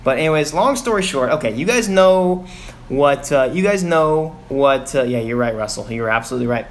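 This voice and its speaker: A man's voice: medium pitch, animated, normal speed. A young man venting on a casual live stream from his home garage, sighing often and rambling with fillers about a bad experience. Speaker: vlogger.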